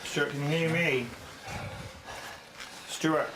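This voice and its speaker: A man's voice: on the high side, steady tone, slow, noisy background. A man working as a psychic medium on a live ghost hunt, explaining earnestly with many restarts. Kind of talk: live paranormal investigation.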